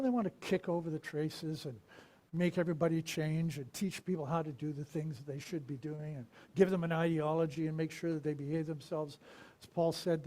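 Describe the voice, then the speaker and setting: A male minister preaching a sermon in a somewhat high voice. He tells stories in a lively way and drops suddenly into soft, whispered lines. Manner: storytelling, dramatic swings from loud to whispered.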